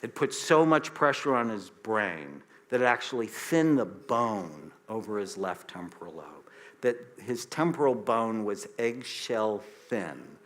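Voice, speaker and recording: A man around sixty from the United States, a psychiatrist telling a story in a lecture, acting out the dialogue with lively shifts in pitch and loudness. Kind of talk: storytelling talk to an audience.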